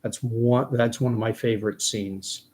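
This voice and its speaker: A man's voice: medium pitch, fairly even intonation, measured pace, darkish tone. A man from Canada, host of his own commentary show, retelling a film scene in a reflective way.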